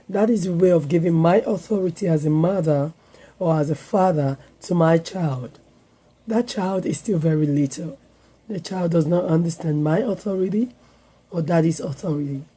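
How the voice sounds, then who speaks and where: A woman hosting her own parenting vlog, her voice hoarse as it comes back, talking earnestly with filler pauses. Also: lowish voice, warm tone. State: hoarse, voice recovering. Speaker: vlogger and parenting show host. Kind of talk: solo vlog talk to viewers.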